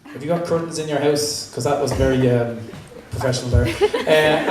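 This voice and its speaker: A man's voice: a little high, normal speed. Jokey man emceeing on a stage. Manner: jokey, teasing. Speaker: event host introducing authors. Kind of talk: stage introductions. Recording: echoey hall heard from far off with crowd noise.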